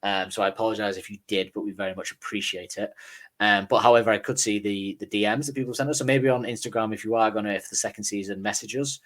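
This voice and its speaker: This podcast co-host has a Northern English accent and a lowish, slightly bright voice with a steady tone and quick pace. He chats loosely through listener messages, relaxed, profane and self-deprecating.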